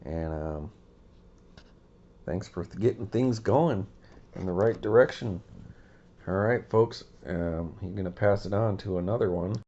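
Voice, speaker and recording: Slow, gravelly man on a dull lo-fi recording. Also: low-pitched, warm tone. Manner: hesitant, filler-heavy talk. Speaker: card collecting channel host. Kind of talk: casual chat.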